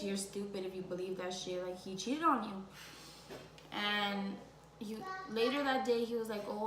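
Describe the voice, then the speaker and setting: A woman's voice: medium pitch, background noise. Young woman telling a tearful story in an echoey room. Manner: rambling, heavy use of "like"; emotional, tearing up at times. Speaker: vlogger. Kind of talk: casual storytime vlog.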